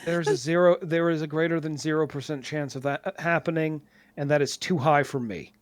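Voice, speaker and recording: A high-voiced man co-hosts a podcast, trading deadpan jokes in halting bursts full of restarts. The sound is dry and close, with no room around it. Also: no echo. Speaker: podcast co-host. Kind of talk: casual podcast banter.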